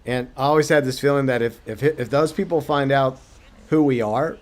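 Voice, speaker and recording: A man hosting a game stream, chatting and speculating about the story in a thoughtful, halting way. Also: medium pitch. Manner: thoughtful, speculating, many restarts. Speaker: streamer host. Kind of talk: casual gaming chat.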